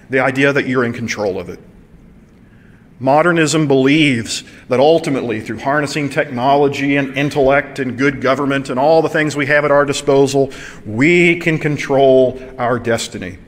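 Pastor from preaching in a hall. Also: male voice, fairly high pitch, fairly bright tone. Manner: conversational, asks the audience questions. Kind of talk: sermon. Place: church.

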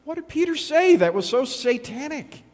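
A middle-aged man preaching a sermon as pastor, conversational and animated with sudden loud bursts. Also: very high-pitched, moderate pace. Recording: long hall reverb.

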